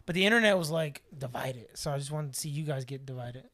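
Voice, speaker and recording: A man on a casual podcast, talking quickly and teasing his co-hosts. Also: medium pitch, sharp tone. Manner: quick, teasing, laughs often. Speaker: podcast co-host. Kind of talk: casual chat.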